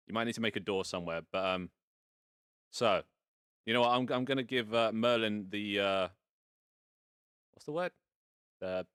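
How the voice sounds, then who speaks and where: A man's voice: on the low side, fairly bright tone, smooth, no room sound, clean studio sound. A man casually hosting a live stream from inside virtual reality, rambling and playful with some casual swearing. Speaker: VR streamer hosting a fashion show. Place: indoors in a home VR setup.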